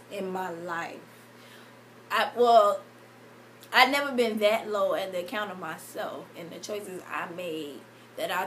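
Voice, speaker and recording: Vlogger, young woman, tearful and halting, slow delivery, faint room noise behind. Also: medium pitch, fairly bright tone, low-quality recording. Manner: halting, emotional, many fillers and restarts. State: tearful, crying. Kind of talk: emotional storytime vlog.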